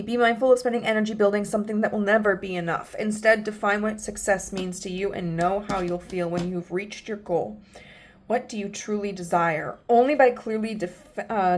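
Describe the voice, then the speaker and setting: A woman giving a pick-a-card tarot reading, gentle and earnest, with many fillers and restarts. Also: mid-range voice, fairly even intonation, fairly quick, slight background noise. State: emotional, near tears. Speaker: tarot reader.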